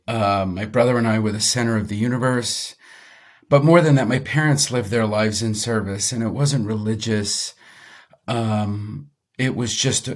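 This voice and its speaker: A middle-aged man, a guest on an interview show, telling a personal story in an animated way. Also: lowish voice. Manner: animated storyteller, acts out quoted voices.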